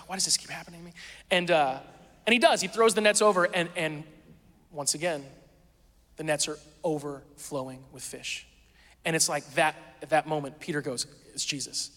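Bright-voiced man preaching in a hall. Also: on the high side, normal speed, long pauses. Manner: storytelling, conversational with quoted voices. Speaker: pastor. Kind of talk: sermon.

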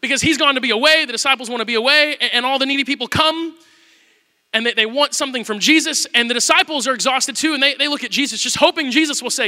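A male pastor preaching a sermon, telling the story with animated storytelling and acting out the quotes. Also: very high voice, fast, long reverb tail.

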